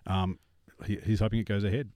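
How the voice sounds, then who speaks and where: Low-pitched man co-host, rambling casual delivery, dry close sound. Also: level tone, fast talker, darkish tone, dry recording. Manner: rambling, frequent restarts and fillers. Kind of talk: casual sports chat.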